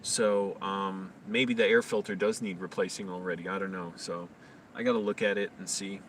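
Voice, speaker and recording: A man's voice: deep voice, steady tone, normal speed, a bit bright. A man chatting loosely on a live stream, rambling with lots of fillers. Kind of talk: casual live-stream chat. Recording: slightly distant mic, faint noise.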